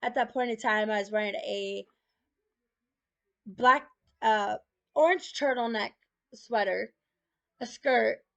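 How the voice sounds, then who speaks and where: A woman's voice: a little high, takes it slowly, vocal fry, long pauses. A young woman telling a personal story in a chatty, casual way, often saying "I'm like". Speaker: student.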